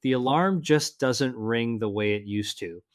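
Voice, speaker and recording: A measured older man with a voice of middling pitch, narrating health advice in a calm, scripted way. He speaks earnestly and slows down to lean on key words, as if talking to listeners his own age. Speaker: health presenter.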